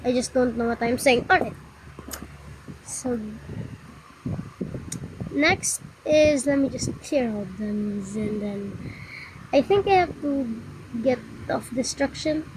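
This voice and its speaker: A woman giving casual game commentary, talking through moves in a rambling, halting way and often stopping to apologize. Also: sits high, noisy background. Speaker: gameplay tutorial narrator.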